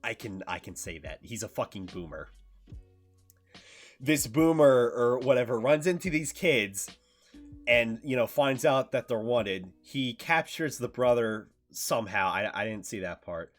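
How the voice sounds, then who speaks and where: Animated, profane male streamer. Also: medium pitch, faint music behind. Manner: loose and profane, halting with many fillers. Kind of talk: casual stream chat, recapping a game.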